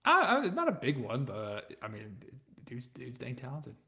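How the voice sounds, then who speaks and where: A man of average pitch chats as a guest on a sports podcast. He gives blunt opinions and often lets his voice drop quietly as he finishes a point. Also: wildly swooping pitch, normal speed, creaky. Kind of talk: casual sports chat.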